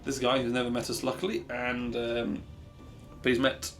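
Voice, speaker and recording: A young man chatting casually while he plays a game on stream. He rambles from topic to topic and pokes fun at himself, speaking at an ordinary pitch into a desk microphone. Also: completely flat delivery, moderate pace, a bit bright, soft background music. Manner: rambling, self-deprecating. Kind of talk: casual gameplay commentary.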